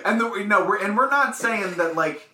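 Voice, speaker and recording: A man's voice: high-pitched, expressive, moderate pace, pushed and bright. A man co-hosting a podcast who reads out listener questions and riffs playfully in casual comedic chat. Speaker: podcast co-host. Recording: roomy echo.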